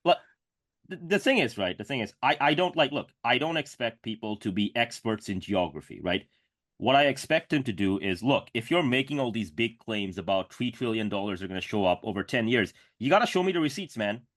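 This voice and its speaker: A man's voice: mid-range voice, sing-song, brisk, fairly bright tone. A man co-hosting a casual political podcast, quizzing his guests and ranting with exasperated profanity. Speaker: podcast co-host.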